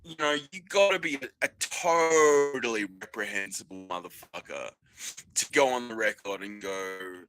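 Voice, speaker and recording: Man, podcast host, sarcastic, sweary, slow delivery, bright forceful tone. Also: mid-range voice, big pitch swings, soft background music, rough recording. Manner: profane, sarcastic, mocking, laughs mid-sentence; many fillers and restarts. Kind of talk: rambling solo podcast monologue.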